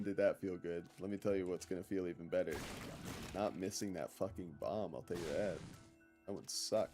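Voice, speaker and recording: A man with a lowish, slightly mellow voice streams a game, chatting to his viewers in a loose, rambling way and joking as he plays. Faint music runs beneath his casual commentary.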